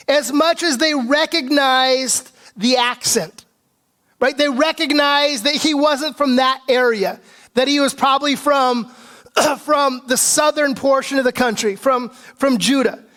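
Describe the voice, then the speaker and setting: Male pastor, higher voice than most men, preaching in a relaxed, conversational way. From Pacific Northwest. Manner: conversational, asks "right?" often, clears throat. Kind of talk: expository sermon. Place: church sanctuary.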